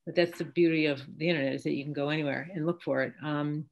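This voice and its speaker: An American woman physician speaking as a panel guest, measured and explanatory, with pauses and fillers. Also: sits low, steady tone, vocal fry, highs cut off, a little hiss or hum. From United States. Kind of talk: panel discussion.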